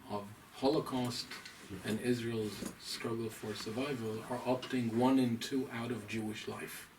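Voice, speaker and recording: A man, a rabbi, giving a deliberate, emphatic, scholarly lecture to a small audience. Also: mid-range voice, steady tone. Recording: distant mic, faint room noise.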